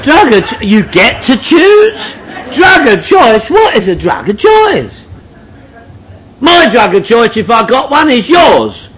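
A man's voice: very high-pitched, noisy background. A man from northwest London with a London accent, speaking at a recovery meeting and firing off joking, repetitive rhetorical questions.

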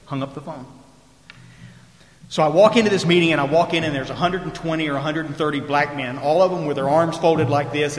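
A man's voice: on the high side, a bit bright. A man telling a personal recovery story to a group, drawling and restarting his sentences often. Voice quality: drawling, lots of restarts and repeated words. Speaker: recovery speaker. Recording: echoey hall with long reverb.

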